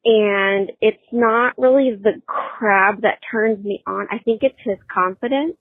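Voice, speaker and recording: A woman leaving a halting voicemail confession, with frequent ums. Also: medium pitch, no room sound. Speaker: caller. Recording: tinny phone line.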